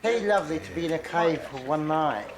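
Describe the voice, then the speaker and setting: A man's voice: a little high, expressive, a little fast, crowd noise. A cheerful man from Petra, Jordan, speaking English in a mix of accents picked up from tourists and repeating stock phrases. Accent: mixed foreign accents picked up from tourists. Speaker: local host in a cave.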